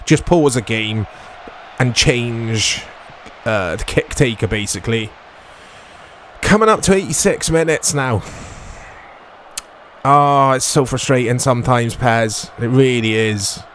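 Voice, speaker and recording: A man's voice: medium pitch, slow, pauses often, slight background noise. Chatty man commentating a game. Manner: chatty, excitable reactions to play. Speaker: gaming YouTuber. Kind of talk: let's play commentary.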